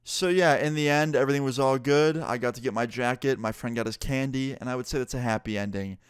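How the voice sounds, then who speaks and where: Young guy vlogger doing a story time, smooth clear voice, swears a lot, dry close sound. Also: mid-range voice, fast talker, dry recording. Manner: animated, swears freely.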